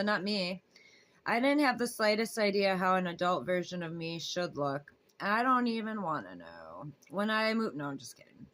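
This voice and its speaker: A woman's voice: lowish voice, sing-song, moderate pace, fairly bright tone. A woman casually reading a book aloud, breaking off with rambling, self-interrupting asides and casual swearing. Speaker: book reader.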